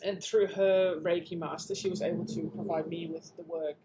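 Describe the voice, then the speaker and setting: A woman being interviewed about animal communication, telling her story in a lively way and acting out the voices she quotes. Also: fairly low pitch, normal speed, slight background noise. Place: Sydney.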